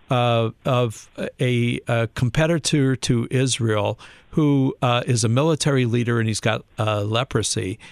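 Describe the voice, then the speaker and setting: A man hosting a faith radio show, telling stories in a halting way with many fillers. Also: medium pitch, no echo.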